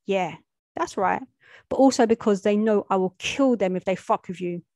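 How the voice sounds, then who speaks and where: A woman puts on a menacing male dealer with a thick Italian accent, his voice dropped low and deep. He swings from mocking laughter to cold threats, read in a close, dry storybook recording. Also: normal speed, mellow, no room sound, lightly acted. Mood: threatening.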